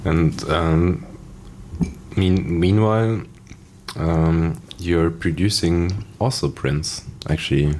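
A man's voice: low voice, slow, a little mellow, a little hiss or hum. A man interviewing a guest, asking questions hesitantly with many fillers.

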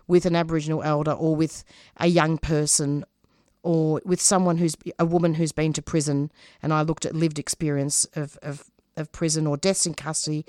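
Low-voiced earnest woman, dry sound. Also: darkish tone, no room sound. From Australia. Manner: earnest, passionate, halting with restarts. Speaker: radio producer and host, interview guest. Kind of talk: casual interview talk.

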